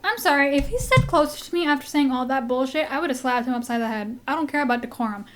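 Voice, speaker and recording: A young woman vlogger reacting casually, talking in an animated, blunt and sweary way. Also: high-pitched, quick pace.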